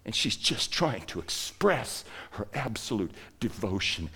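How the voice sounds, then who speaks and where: A man preaching a sermon, retelling a story with dramatic swings between loud emphasis and hushed near-whispers. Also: lowish voice, very animated, a little slow, few pauses, slightly rough. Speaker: pastor.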